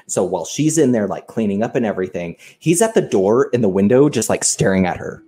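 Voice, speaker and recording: Low, mellow-voiced man telling a story. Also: brisk, few pauses. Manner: animated retelling, acts out quoted lines, swears casually. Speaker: podcast co-host. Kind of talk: casual storytelling chat.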